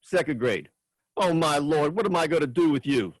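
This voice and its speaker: A man's voice: fairly high pitch, expressive, normal speed, no room sound. A man reading aloud and voicing a talkative, caring adult woman friend, emphatic and streetwise. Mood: coaxing.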